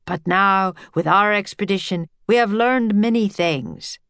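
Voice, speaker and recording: A woman's voice: medium pitch, unhurried, fairly bright tone, clear, resonant tone, no echo. A woman voicing a portly, jovial older male professor who talks as if giving a lecture. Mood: jovial lecturing. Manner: lecturing, pompous yet twinkly.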